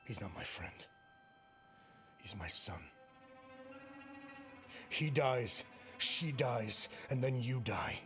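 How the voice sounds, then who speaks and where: An actor playing a gruff kidnapper who threatens a doctor, curt and commanding, in a game cutscene. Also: male voice, mid-range voice, expressive, extremely slow, pauses often, bright, forceful tone, heavily acted. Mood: menacing. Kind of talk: video game cutscene acting. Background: game music.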